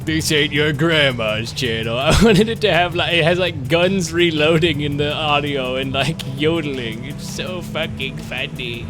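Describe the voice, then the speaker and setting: Over background game music, a man on the high side vocally delivers live gaming commentary at a moderate pace with few pauses. He's frustrated and ranting, swearing a lot but laughing too.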